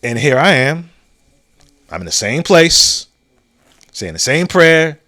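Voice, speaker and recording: A man's voice: on the high side, sing-song, slow pace, bright, forceful tone, no room sound, studio quality. A man hosting a podcast, telling stories in a loose, conversational way, full of fillers and restarts, and chuckling at his own memories. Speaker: podcast host. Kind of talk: casual storytelling monologue.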